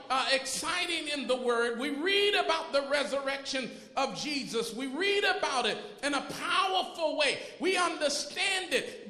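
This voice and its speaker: High-voiced preacher in an echoing hall. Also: male voice. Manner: impassioned preaching that builds to shouts, with repeated rhetorical questions. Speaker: pastor. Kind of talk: sermon. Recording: echoey hall with long reverb.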